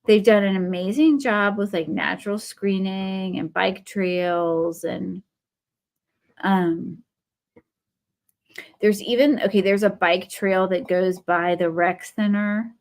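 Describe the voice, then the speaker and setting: A woman's voice: mid-range voice, steady tone, takes it slowly, darkish tone. Midwestern woman, 30s, craft livestream host. Rambling storyteller who talks to her viewers by name. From Ohio. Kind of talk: chatty live craft stream.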